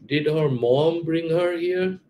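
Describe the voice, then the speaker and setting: A middle-aged man teaching philosophy, explaining Sanskrit scripture in a halting way, repeating words and asking rhetorical questions. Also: on the high side, warm tone, slight background noise, rough recording.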